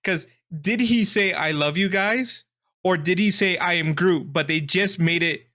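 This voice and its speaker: A man's voice: high-pitched, unhurried, pushed and bright. A man co-hosting a casual movie review podcast, laughing often and poking fun at himself. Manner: laughs often, self-deprecating. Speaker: podcast co-host.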